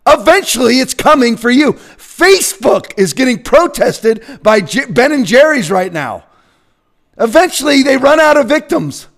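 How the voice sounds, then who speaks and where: A man delivers a heated sermon from the pulpit. His voice sits high to begin with and climbs even higher as he presses one rhetorical question after another. At its peaks it breaks into shouting. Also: moderate pace, vocal fry. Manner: voice climbs high when agitated. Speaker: pastor. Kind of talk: political sermon rant.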